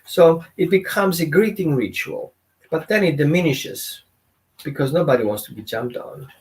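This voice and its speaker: A man's voice: fairly high pitch, expressive, moderate pace, a little mellow. A man teaching as a dog trainer in a casual, conversational way, often asking his audience questions. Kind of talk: informal teaching talk.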